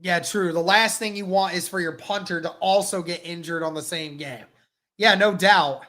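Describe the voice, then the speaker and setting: A woman hosting a live football watch-along stream, calling plays and reacting with animated, exasperated outbursts while thanking chat members. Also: lowish voice, moderate pace.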